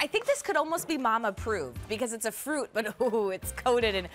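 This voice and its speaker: Woman, shopping channel co-host, bubbly and teasing, lively bouncing pitch, faint music. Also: moderate pace. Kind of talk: playful live TV sneak peek. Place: TV studio set.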